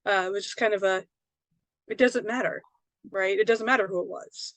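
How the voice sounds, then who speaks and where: A woman's voice: mid-range voice, steady tone, normal speed, fairly bright tone, dry recording. Dry-sounding woman telling a rambling story. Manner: rambling, many fillers and tag questions. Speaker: psychic medium and author, guest. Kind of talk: casual personal storytelling.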